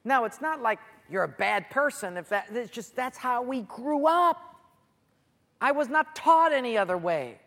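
A preacher delivers a sermon in a medium-pitched voice, acting out a Bible story with lively asides and sound effects. The voice carries a long reverb, as in a large church hall. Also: a little slow, gravelly.

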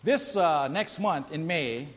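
Pastor preaching in an echoing hall. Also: male voice, on the high side, expressive, takes it slowly. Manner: preachy, asks the congregation questions, reads scripture aloud; tells jokes in raised voices for the characters. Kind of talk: sermon. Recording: long hall reverb.

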